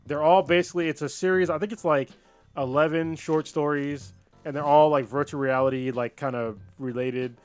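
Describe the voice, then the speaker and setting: A man with a fairly high voice co-hosts a casual podcast and tells a story with loose, profane energy. He jumps into the characters' lines as he goes. Faint music sits in the background. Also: fairly even intonation, normal speed, smooth, no room sound. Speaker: podcast co-host. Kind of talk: casual chat, retelling a story.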